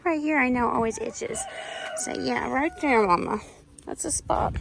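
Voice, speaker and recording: A woman in her thirties vlogging outdoors on her farm, baby-talking her animals and calling sheep loudly. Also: fairly high pitch, unhurried, creaky, a little hiss or hum. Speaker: ranch vlogger. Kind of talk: casual farm vlog talk.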